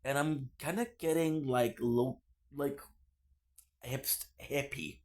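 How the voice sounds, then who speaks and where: A man's voice: medium pitch, takes it slowly. A man streaming live, chatting casually with viewers in a playful, teasing way, often repeating himself. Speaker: live streamer reading chat.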